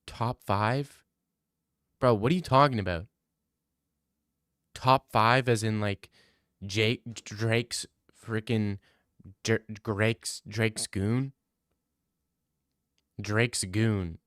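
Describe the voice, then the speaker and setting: A man's voice: fairly low pitch, steady tone, very slow, long pauses, a bit bright, no room sound, studio quality. A young man streaming, chatting casually and joking about fights while thanking donors. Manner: rambling, joking, many restarts. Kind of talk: casual stream chat reading donations.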